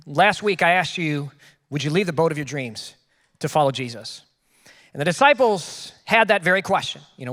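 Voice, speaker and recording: A young man with a high voice preaching a sermon in a relaxed, conversational way and acting out the people in his story. His voice rings with the long reverb of a church hall. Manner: casual, conversational preaching with acted-out quotes. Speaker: pastor.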